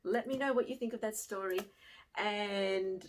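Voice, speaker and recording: A middle-aged woman from Australia telling a personal story to camera, swinging from hushed to excited. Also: mid-range voice, measured pace, slight background noise. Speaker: fashion vlogger and former teacher.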